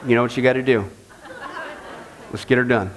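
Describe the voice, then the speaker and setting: A man teaching a Bible study, mocking and joking with loud exclamations. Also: medium pitch, steady tone, brisk, a faint crowd, slight background noise. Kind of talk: recorded Bible study talk.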